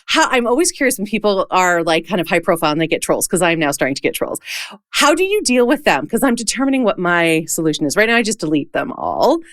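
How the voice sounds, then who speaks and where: Podcast host, female, warm-hearted and gushing, casual chat, dry close mic. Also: fairly low pitch, big pitch swings, dry recording. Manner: effusive and chatty, quick to laugh.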